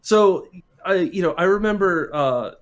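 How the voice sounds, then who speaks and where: Guest, male, twenties, a touch high-pitched, self-deprecating storyteller. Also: expressive, unhurried. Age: 20s. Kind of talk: casual chat, anecdote telling.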